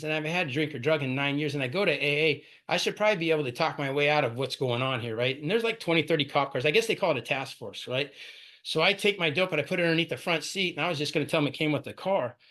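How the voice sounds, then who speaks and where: Man, 40s, fast, slightly high voice, recovery-talk storyteller who keeps tagging "right?". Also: a bit bright. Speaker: AA speaker sharing his story.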